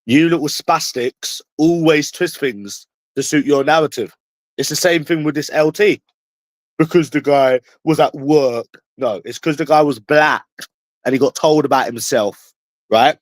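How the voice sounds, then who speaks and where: A London man with a fairly high voice and a slightly slow pace rants at his livestream chat, answering viewers in a confrontational, profane, repetitive way. The recording has no echo.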